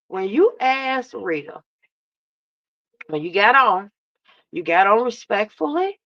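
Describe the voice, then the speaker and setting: A woman streamer gives casual live commentary on online drama, greeting her chat by name and adding emphatic asides as she tells the story. Her fairly high, bright voice is animated yet slow, with frequent pauses, and she keeps saying "you know what I'm saying." The recording is dry, dull and lo-fi.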